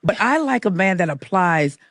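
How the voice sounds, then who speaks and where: A woman's voice: on the low side, expressive, normal speed, a bit bright, no room sound, studio quality. A woman guest in a casual group discussion, talking frankly and with energy. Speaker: panel guest.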